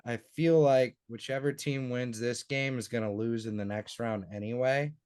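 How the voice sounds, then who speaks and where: Podcast co-host: young guy, casual and rambling, curses a lot, mid-pitched. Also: steady tone, normal speed, a little mellow, clean tone. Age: young adult. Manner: rambling, swears freely, hypes up the group. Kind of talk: casual sports betting chat.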